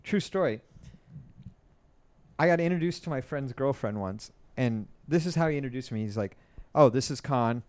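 A man's voice: medium pitch, animated, normal speed, long pauses, a little mellow. A man in his forties co-hosting a podcast, blunt and crude as he tells stories. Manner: blunt, storytelling, crude humor. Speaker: podcast co-host. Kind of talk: casual podcast chat.

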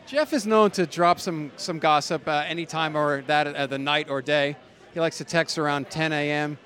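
Joking male podcast host, slightly high voice. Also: steady tone, moderate pace, fairly bright tone. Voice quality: loose, joking, trails off and restarts. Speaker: podcast host interviewing at an expo. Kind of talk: casual interview chat.

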